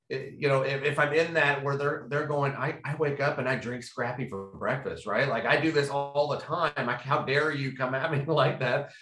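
A man's voice: medium pitch, a bit bright. A man hosting a casual panel discussion, talking in a rambling, conversational way with lots of fillers. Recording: roomy echo.

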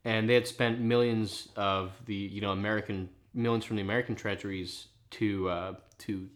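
A man's voice: fairly low pitch, steady tone, moderate pace. A man co-hosting a casual history podcast, rambling and swearing as he explains. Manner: rambling, swears, restarts a lot. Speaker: podcast co-host.

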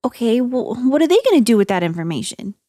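A woman with a high, lively voice who presses the group during a tabletop game. She sounds close-miked and dry. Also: quick pace, no echo. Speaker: player.

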